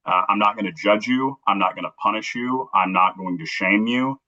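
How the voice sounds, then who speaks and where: A man from Kansas City telling an emotional personal story as a guest, earnest and halting, acting out the dialogue he quotes. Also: lowish voice, pushed and bright. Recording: dull lo-fi recording.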